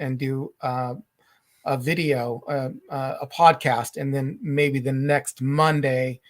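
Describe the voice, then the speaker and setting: A middle-aged man hosting a live podcast chat, talking in halting, rambling sentences full of restarts. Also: mid-range voice. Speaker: podcast host. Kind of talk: casual live-stream chat.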